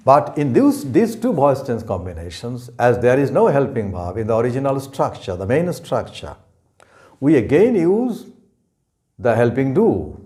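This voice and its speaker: A man's voice: medium pitch, a little mellow. A man teaching an English grammar lesson, speaking carefully and repeating each example sentence. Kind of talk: slow explanatory lesson.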